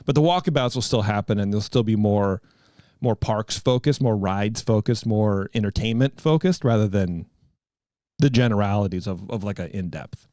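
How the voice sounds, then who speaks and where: A man's voice: on the low side, moderate pace, dark tone, no room sound, clean studio sound. A man in his thirties hosting a podcast, telling a rambling story in casual chat. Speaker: podcast host.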